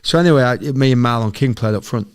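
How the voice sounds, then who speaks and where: A middle-aged man from England, a former footballer and podcast guest, telling sweary, animated anecdotes in casual chat. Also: mid-range voice, quick pace. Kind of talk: casual storytelling.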